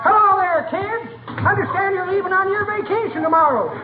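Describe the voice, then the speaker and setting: A rambling high-pitched old codger. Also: male voice, animated, fairly quick, over loud music. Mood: folksy. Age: older. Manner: folksy and long-winded, calls people kids and daughter. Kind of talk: 1940s radio acting. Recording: tinny hissy 1940s radio broadcast. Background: studio audience laughter.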